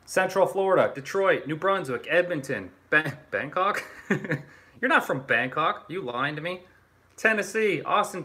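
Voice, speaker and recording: A man's voice: on the high side, sharp tone. A young man from Canada hosting a casual livestream, reading out viewer comments in a loose, joking way with plenty of swearing and laughter.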